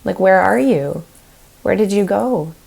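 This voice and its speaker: A woman guest on a podcast, talking in a casual, animated way and often breaking into laughter. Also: mid-range voice, a little slow, vocal fry, breathy edge.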